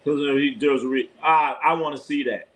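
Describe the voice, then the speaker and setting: A man giving live play-by-play commentary in a casual sports chat, excitable, shouting at players and swearing casually. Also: on the high side, normal speed, poor audio.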